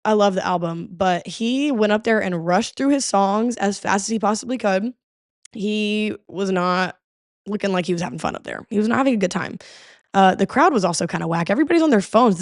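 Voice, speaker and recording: A woman's voice: mid-range voice, dry recording, studio quality. Chatty woman podcast host. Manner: animated storytelling with quoted voices. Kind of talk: casual chat.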